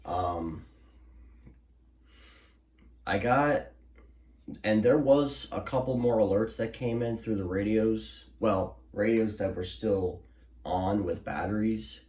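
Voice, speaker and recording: Low-voiced young man rambling in an echoey room. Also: slow pace, long pauses, a little mellow. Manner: rambling, many restarts and fillers. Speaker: weather alert vlogger. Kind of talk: casual recap to camera. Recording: roomy echo.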